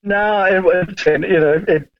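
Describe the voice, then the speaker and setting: A man's voice: sits high, fairly even intonation, slow, dry recording, dull audio. Laid-back man telling rambling stories. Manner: rambling, laid-back, swears freely, lots of fillers. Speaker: podcast guest. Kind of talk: casual storytelling chat.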